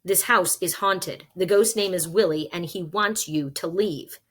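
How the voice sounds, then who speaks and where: A frightened young boy, as a woman reader puts him on, pleading and crying out for help. His voice turns husky and strained as he calls out in a children's storybook. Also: lowish voice, measured pace, a bit bright. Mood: insistent. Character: frightened quick-witted boy.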